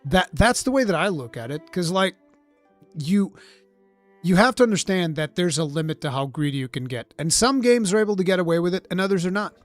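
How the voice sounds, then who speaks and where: A man's voice: sits high, animated, fairly quick, no echo, faint music behind. A man hosting a live gaming talk show, giving blunt, rambling, profane opinions. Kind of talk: casual gaming commentary.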